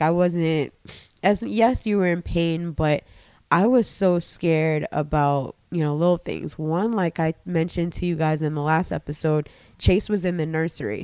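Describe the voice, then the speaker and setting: A woman co-hosting a casual podcast, a little raspy and congested from a cold, telling her story candidly with plenty of fillers, recorded on a couch at home. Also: sits low, warm tone, no echo. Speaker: podcast co-host. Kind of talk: casual chat. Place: living room couch in a home.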